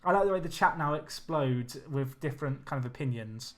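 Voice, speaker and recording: A young man chatting with his viewers while he plays, excitable and casual. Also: mid-range voice, a little fast. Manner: chatty, excitable, talks to chat. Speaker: streamer. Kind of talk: live game commentary and chat. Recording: faint music behind.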